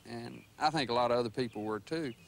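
A man's voice: mid-range voice, fast talker, creaky. A former bandmate in his fifties, a man, reminiscing earnestly in an interview.

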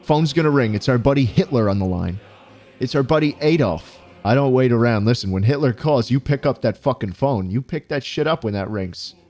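Male gamer, mid pitch, very animated delivery, cursing and yelping through a let's-play. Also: a little fast. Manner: profane, excitable, yelps and laughs often. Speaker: gaming YouTuber.

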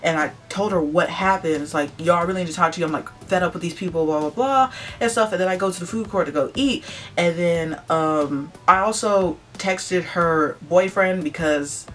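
A woman's voice: on the low side, moderate pace. Chatty young woman rambling a storytime. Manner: chatty, peppered with "like" and "blah blah blah"; animated, acts out other people's lines. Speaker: vlogger.

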